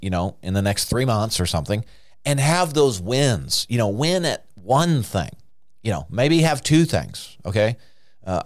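Low-voiced man preaching casually on a podcast. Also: dry recording, studio quality. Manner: conversational, encouraging, peppered with "you know" and "hallelujah". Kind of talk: casual sermon-style podcast talk.

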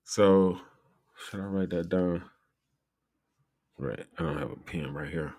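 A man with a lowish voice talks through a casual commentary vlog. He rambles loosely, laughs often and swears freely as he goes. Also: takes it slowly, darkish tone. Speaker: commentary vlogger.

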